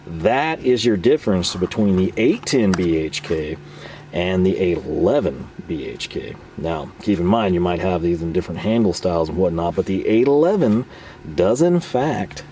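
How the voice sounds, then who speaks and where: A man's voice: low voice, warm tone, a little hiss or hum. A man talking casually through a hands-on tool demo, playfully voicing imagined viewers' objections and answering them. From Texas. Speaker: tool reviewer. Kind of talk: casual product demo talk.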